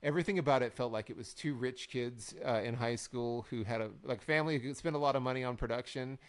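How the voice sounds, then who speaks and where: A man's voice: medium pitch, quick pace, clear, resonant tone. A man co-hosting a wrestling recap podcast in casual chat, wry and rambling, often quoting others in a mock-dramatic way. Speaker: podcast co-host.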